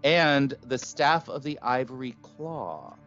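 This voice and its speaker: Dm casting: easygoing man at mid pitch, dull lo-fi audio, faint music behind. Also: sing-song, slow pace, fairly bright tone. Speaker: dungeon master. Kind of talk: running a tabletop game.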